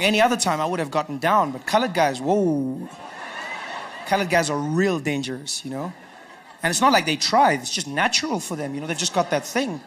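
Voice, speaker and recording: A man with a South African accent doing stand-up comedy, telling stories with animated delivery. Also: a little high. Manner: animated storytelling, acting out characters.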